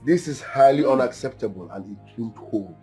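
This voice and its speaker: An actor with a Nigerian accent playing a proud royal elder who speaks in a declamatory, indignant way. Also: male voice, medium pitch, expressive, normal speed, warm tone, natural voice. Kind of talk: Nollywood film acting. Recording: film soundtrack with music.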